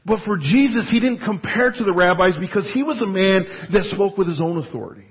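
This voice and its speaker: A pastor preaching a sermon in an animated, emphatic, conversational way with frequent restarts. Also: male voice, high voice, brisk, breathy edge. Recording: dull lo-fi recording.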